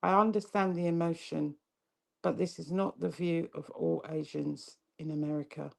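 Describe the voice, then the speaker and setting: Low, gravelly-voiced woman co-host. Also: steady tone, normal speed, a little mellow. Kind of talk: talk show discussion.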